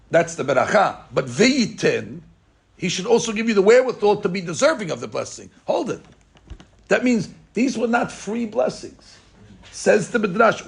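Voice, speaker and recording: Animated high-voiced gravelly rabbi. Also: male voice. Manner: animated, joking, acting out dialogue. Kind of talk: Torah class lecture.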